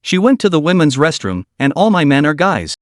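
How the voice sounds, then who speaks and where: A man's voice: a little high, sing-song, fairly quick, dry recording, clean studio sound. A man voicing a politely sarcastic henchman. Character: loyal male henchman, polite but sarcastic.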